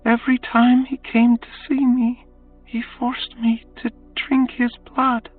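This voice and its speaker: A woman voicing a weary young captive woman, speaking in a quiet, halting confession for an audiobook, over faint music. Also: fairly high pitch, flat delivery. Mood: haunted. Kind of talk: audiobook character voice. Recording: distant tinny phone-like sound, faint music.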